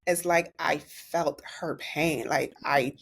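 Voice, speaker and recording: Low-voiced woman from New York telling a story. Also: steady tone, takes it slowly, gravelly, breathy edge. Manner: earnest, candid storyteller. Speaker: guest, registered nurse. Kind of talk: casual interview storytelling.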